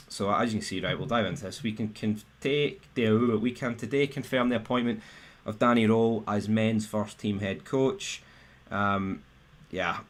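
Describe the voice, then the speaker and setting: A young Scottish football fan rants angrily on a live stream, swearing and tripping over restarts. His voice is on the low side and a bit bright, jumping up sharply when he gets riled.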